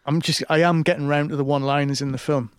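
Brief: man, casual chatty storyteller, a touch higher pitched, dry close sound. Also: fairly even intonation, quick pace, clean tone, no room sound. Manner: rambling storyteller, many fillers and restarts. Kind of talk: casual chat.

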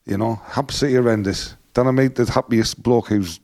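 A man's voice: medium pitch, fairly quick, darkish tone. A man, telling rambling stories in casual podcast chat and swearing freely. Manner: rambling storytelling, swears a lot, acts out quoted people. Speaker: podcast co-host, former taxi driver.

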